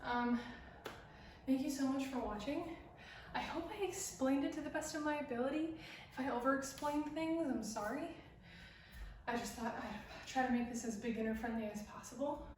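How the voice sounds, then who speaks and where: A young woman dance teacher, out of breath after a routine, speaks in a high voice. She is some distance from the mic. The room has a strong echo. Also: normal speed, a little hiss or hum. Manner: counts steps and sings lyrics while dancing. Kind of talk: dance tutorial, counting and singing along. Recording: echoey room, voice from far off.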